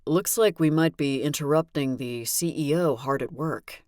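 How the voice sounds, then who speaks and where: Woman playing a smooth charming police chief, very low voice, understated, dry studio sound. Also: normal speed, darkish tone, no echo, close to an everyday voice.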